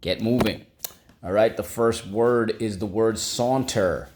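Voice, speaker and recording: A man's voice: fairly low pitch, slow pace, darkish tone. A male teacher giving a vocabulary lesson to children, prompting the class to repeat words and praising their answers. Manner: call-and-response prompting, upbeat encouraging. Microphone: recorded video lesson.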